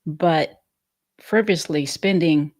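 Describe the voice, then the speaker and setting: Soft-spoken co-host, brief agreeing remarks. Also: mid-range voice, slow. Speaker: podcast co-host. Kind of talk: political chat, agreeing.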